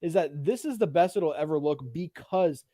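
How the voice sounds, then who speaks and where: A man with a fairly high voice talks films in a loose, animated way, swearing freely and dropping into mocking voices. The sound is close and dry, with no room around it. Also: normal speed, dry recording. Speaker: podcast co-host. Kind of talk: casual chat about films.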